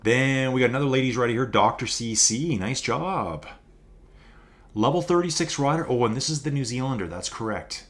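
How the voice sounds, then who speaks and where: A man's voice: mid-range voice, lively intonation, moderate pace. A man with an Albertan Canadian accent, commentating a live-streamed race in a loose, rambling way full of joking asides.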